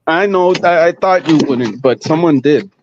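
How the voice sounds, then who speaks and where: A man's voice: on the high side, lively intonation, moderate pace, muffled recording, a crowd in the background. A man cohosting a casual podcast, blunt and crude. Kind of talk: casual group podcast banter.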